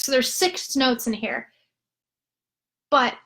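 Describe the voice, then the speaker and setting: Minnesotan woman, music therapist; unhurried, slightly high voice, counts in and chants the beats. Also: steady tone, a bit bright, poor audio. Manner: slow, patient, counts in and chants food words as rhythms. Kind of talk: rhythm lesson on a live stream.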